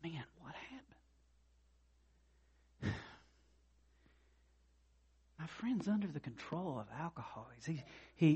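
A middle-aged man preaching a sermon as pastor, earnest, dropping soft and low then rising to loud impassioned peaks. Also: animated, slow, long pauses, slightly rough. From North Carolina.

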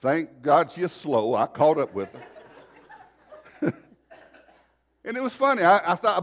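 A man preaching a sermon, telling a folksy personal story and shifting between loud and soft. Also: fairly high pitch, animated, takes it slowly, long pauses. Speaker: pastor.

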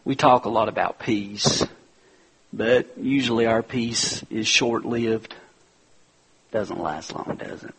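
A male pastor preaching a sermon with passion, swinging from loud urging down to a near whisper. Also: lowish voice, takes it slowly, slightly rough, low-quality recording.

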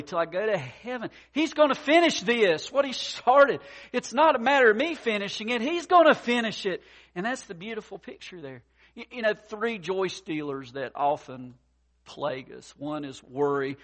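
A man preaching with a slightly raised, lively pitch. He talks in a folksy way with plenty of fillers and repeats. His sermon swings between quiet asides and loud bursts. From mountain region. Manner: expressive, swings from soft to loud, acts out worried voices. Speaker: pastor.

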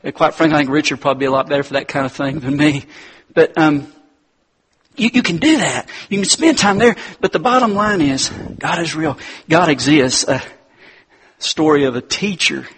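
Husky-voiced man giving a chatty sermon. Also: fairly high pitch, normal speed. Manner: relaxed, chatty, addresses listeners as guys. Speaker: preacher. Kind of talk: conversational sermon.

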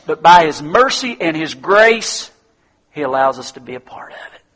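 A man's voice: fairly high pitch, big pitch swings, normal speed, fairly bright tone. A male pastor preaching a sermon, earnest and repeating words as he builds his points.

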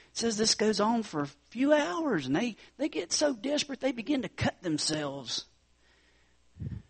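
A man with a somewhat high, husky voice delivers a sermon. He tells the story with lots of drama. His loud, emphatic peaks give way to breathy whispers. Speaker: preacher.

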